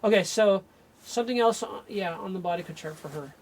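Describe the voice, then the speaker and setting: A man's voice: high voice, brisk, a little hiss or hum. A man working as an energy healer, thinking aloud and breaking off mid-sentence as he runs a live remote healing session. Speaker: radio show host.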